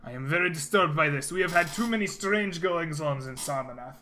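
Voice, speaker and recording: A man's voice: fairly high pitch, lively intonation, brisk, pushed and bright, soft background music. A man voicing a perturbed dwarven man who questions someone with clipped, suspicious words in a tabletop game.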